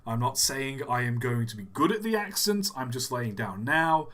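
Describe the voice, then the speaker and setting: A man's voice: medium pitch, big pitch swings, normal speed, a bit bright. A young man chatting casually and jokingly on a livestream, rambling with fillers. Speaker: streamer.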